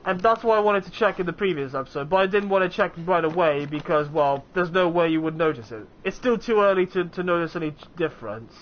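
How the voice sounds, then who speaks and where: A man's voice: on the high side, quick pace, few pauses, lo-fi sound, slight background noise. A young man casually commenting while playing a video game, chatty and rambling, often restarting his sentences. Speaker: let's play gamer.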